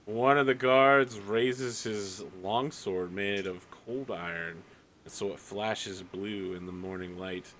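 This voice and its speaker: A man's voice: on the low side, slow, a bit bright. Casual man narrating as game master. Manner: casual, descriptive, many "like" fillers.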